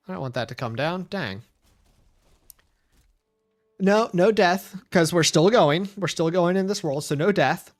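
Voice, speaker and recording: Man, game streamer, casual rambling chat, slightly higher voice. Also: smooth. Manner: rambling, chatty, talks softly to his pet. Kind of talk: casual chat while gaming.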